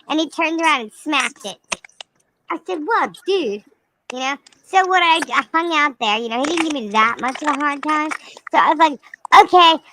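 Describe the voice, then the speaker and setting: A woman's voice: high-pitched, sharp tone, a little hiss or hum, low-quality recording. A woman voicing a cheeky young male rainbow lemur who rambles through a crude, chatty story. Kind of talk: comic character monologue.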